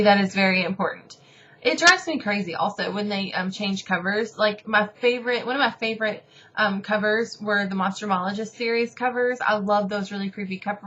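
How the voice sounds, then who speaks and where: A woman's voice: mid-range voice, fairly bright tone, lo-fi sound. A woman book vlogger chatting casually to camera, rambling and poking fun at herself. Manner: chatty, rambling, self-deprecating.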